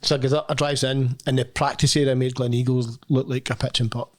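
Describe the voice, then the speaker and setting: Guy, middle-aged, rambling funny golf stories on a podcast, mid pitch. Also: little pitch movement, quick pace. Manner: chatty anecdotal storyteller, jokey. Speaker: podcast co-host. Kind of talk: casual golf banter.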